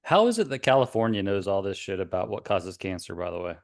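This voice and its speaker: A man's voice: deep voice, very animated, fast talker. A man co-hosting a casual podcast, talking in a rambling, hesitant way with lots of filler words. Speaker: podcast co-host. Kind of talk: casual chat.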